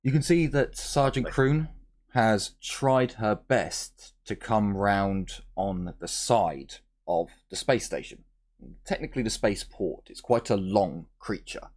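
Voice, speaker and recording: A man's voice: fairly low pitch, expressive, slow, a little mellow. A man game master explaining rules and narrating a tabletop game in a chatty, joking way.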